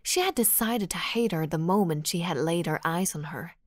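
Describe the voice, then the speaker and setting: A woman narrating an audiobook romance in a measured storytelling manner. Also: lowish voice, no echo, clean studio sound. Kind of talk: scripted narration.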